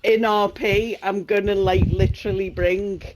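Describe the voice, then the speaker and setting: Slow-talking Scouse man. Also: high-pitched, flat delivery, background noise. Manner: jokey, laughing often. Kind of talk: casual chat.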